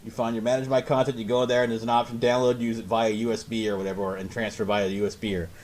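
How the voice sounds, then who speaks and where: A man's voice: mid-range voice, little pitch movement, quick pace, darkish tone, slight background noise. A man co-hosting a casual talk show, ranting and swearing freely. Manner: ranting, profane, many restarts. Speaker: radio show co-host. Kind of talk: casual chat.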